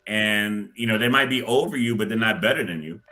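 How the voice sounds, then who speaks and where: A middle-aged man, a guest on a podcast, chatting casually and haltingly with frequent fillers. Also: fairly low pitch, pushed and bright, soft background music. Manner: halting, lots of "you know" fillers. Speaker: guest, former cadet. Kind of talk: casual interview chat.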